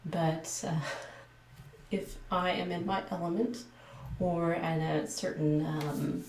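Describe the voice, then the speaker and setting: A woman in her thirties from Texas with a Texan accent, talking casually to camera in a soft, careful way with many pauses. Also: lowish voice, steady tone, slight background noise. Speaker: ASMR creator. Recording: echoey room, mic at a distance.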